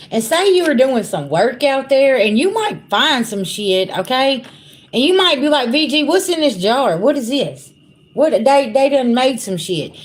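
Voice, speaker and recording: A woman giving a casual livestream spiritual reading, talking bluntly and profanely straight to her viewers. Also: a little high. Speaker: spiritual reader.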